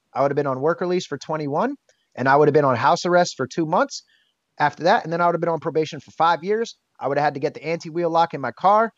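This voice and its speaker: A man being interviewed, telling a personal story in a candid, animated way and swearing casually. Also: fairly high pitch, dry recording. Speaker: interview guest. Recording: dull, dry sound.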